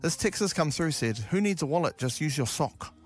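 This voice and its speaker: A man's voice: fairly high pitch, animated, fairly quick. Laid-back New Zealand man hosting radio. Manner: laid-back, rambling, says man a lot. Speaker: radio host. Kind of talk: casual radio show chat. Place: radio studio.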